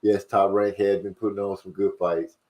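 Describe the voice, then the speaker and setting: A man hosting a casual livestream, reading viewer comments aloud and rushing and stumbling over his words. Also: sits low, little pitch movement, highs cut off. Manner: fast-talking, rushes and stumbles over words. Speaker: livestream host.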